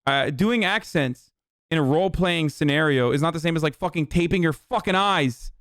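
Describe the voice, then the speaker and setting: Heated, profane male streamer, smooth voice. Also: a little high, normal speed, fairly bright tone, no room sound, studio quality. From Turkey. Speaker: livestream host. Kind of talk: casual livestream rant.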